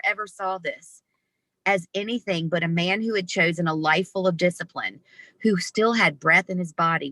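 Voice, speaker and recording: Bright, animated woman storyteller. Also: on the low side, no echo. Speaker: interview guest. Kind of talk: storytelling in conversation. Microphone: video call.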